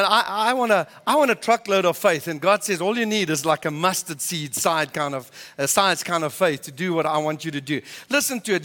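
A man's voice: high-pitched, fairly bright tone. A man, a pastor preaching a passionate, emphatic sermon in church. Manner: passionate, emphatic, repeats words when building up. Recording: reverberant church hall.

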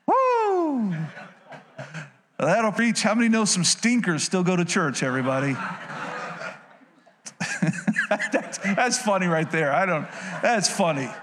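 A man's voice: high-pitched, lively intonation, brisk, noisy background. A male pastor preaching a sermon to a congregation in a church. He preaches with energy, breaks into playful asides, and calls out to the people listening.

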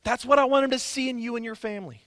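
A man's voice: extremely high pitch, steady tone, rapid-fire, fairly bright tone, no echo, studio quality. A man preaching a sermon as pastor, emphatic and conversational, repeating key phrases for stress.

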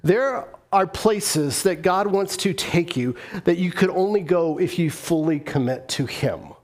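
A man with a high-pitched voice preaches a sermon. He drives his points home by repeating them and slips into the voices of reluctant believers. He calls on the congregation to answer back. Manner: emphatic and repetitive, acts out the voices of reluctant believers; leads the congregation in call-and-response. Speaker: pastor.

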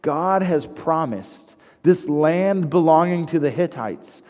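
Male preacher, slightly high voice, reads scripture then talks it through casually, long hall reverb. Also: lively intonation, slow pace, darkish tone. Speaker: pastor. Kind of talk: sermon with scripture reading.

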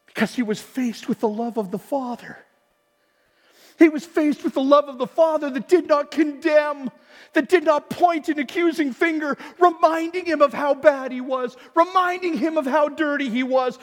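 A male pastor preaching an impassioned sermon, swinging between shouts and quiet storytelling. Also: very high voice. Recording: long hall reverb.

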